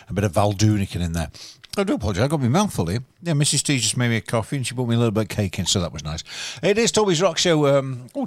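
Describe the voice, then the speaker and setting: A man hosting a rock radio show talks at a brisk clip into a studio microphone. He rambles in an easygoing, self-deprecating way, and the sound is dry and close. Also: fairly low pitch, no room sound. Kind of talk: casual radio DJ chat.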